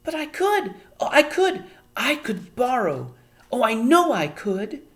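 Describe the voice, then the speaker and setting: A woman's voice: a little high, sing-song, unhurried, voice pushed up. A woman voicing an adventurous, eager young borrower girl in a storybook reading, earnest and pleading.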